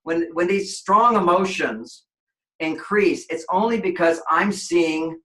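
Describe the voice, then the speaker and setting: Bright-voiced man explaining relationships. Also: high voice, slow pace. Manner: expansive, acts out quoted voices. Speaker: relationship author, guest. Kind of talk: explanatory interview talk. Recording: echoey room.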